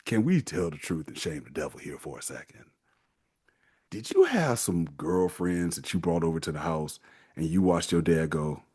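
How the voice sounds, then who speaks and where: A man hosting a casual advice monologue, talking in an animated way and mocking the people he quotes. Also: sits low, unhurried, pauses often, slightly rough. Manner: animated, acts out quoted parents in mocking voices. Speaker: host giving men's advice.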